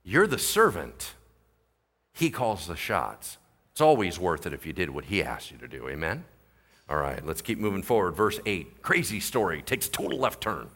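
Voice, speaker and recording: A man preaching a sermon as pastor, animated and jokey, acting out the people in the story. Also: low voice, normal speed, breathy edge.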